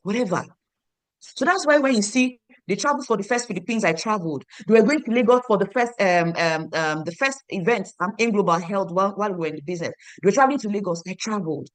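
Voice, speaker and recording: A woman's voice: medium pitch, lively intonation, quick pace, no room sound. Nigerian woman, 30s, motivational team coach; emphatic, repetitive, quizzes the audience, dry close-mic read. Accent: Nigerian English. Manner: emphatic, repeats lines for stress, asks the audience questions. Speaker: business team leader coaching her downline. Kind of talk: motivational online training talk.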